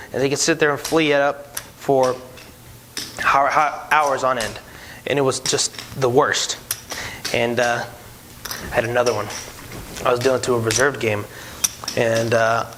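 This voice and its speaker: Guy telling old dealer stories, gets real animated, bit of hiss behind. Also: medium pitch, rough recording. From Hispanic heritage, no country given. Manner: animated, acts out voices in his stories, many restarts. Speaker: podcast co-host, former casino dealer. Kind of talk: casual storytelling chat.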